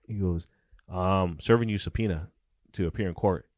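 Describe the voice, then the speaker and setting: Middle-aged male ex-cop, very low voice, dry close sound, gritty profane storyteller, acts out the quotes. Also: normal speed, dry recording. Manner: animated, profane storyteller acting out dialogue. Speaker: former police officer. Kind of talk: casual storytelling interview.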